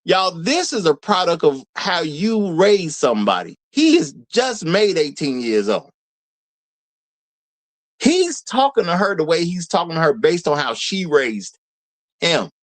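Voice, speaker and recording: A man's voice: a little high, unhurried, no room sound, low-quality recording. A man hosting a live commentary stream, talking casually to his viewers and repeating points for emphasis. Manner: animated, repeats lines for emphasis, addresses viewers as y'all. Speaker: host of a live commentary show.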